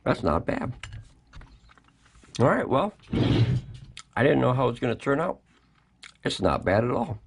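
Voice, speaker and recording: A man's voice: medium pitch, big pitch swings, unhurried, vocal fry, pauses often, breathy edge. A man hosting a casual product review vlog, chatty and folksy, talking straight to his viewers from a home kitchen.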